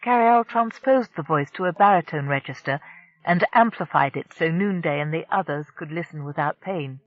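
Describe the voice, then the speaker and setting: An audiobook narrator reading a science fiction novel in a steady storytelling manner. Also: mid-range voice, moderate pace, dry recording, dull audio. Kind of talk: scripted narration.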